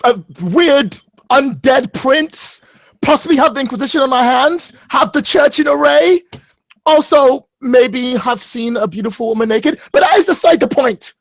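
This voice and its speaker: A man voicing an exasperated old father who shouts with a cracking voice at his grown son. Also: extremely high pitch, expressive, normal speed, creaky, no room sound, muffled recording, exaggerated voice.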